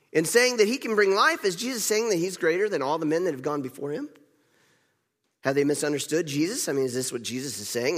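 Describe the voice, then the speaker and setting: A man with a slightly high voice preaches a sermon. He tells it in a conversational, animated way and laughs now and then. His voice carries a long reverb.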